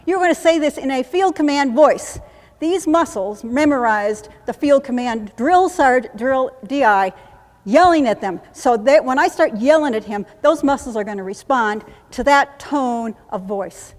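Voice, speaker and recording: A woman's voice: fairly high pitch, animated. Woman coaching in an echoey hall. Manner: brisk, coaching, repeats phrases rhythmically. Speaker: trainer teaching combat medics. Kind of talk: live workshop demonstration. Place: conference room. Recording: echoey hall from a live conference.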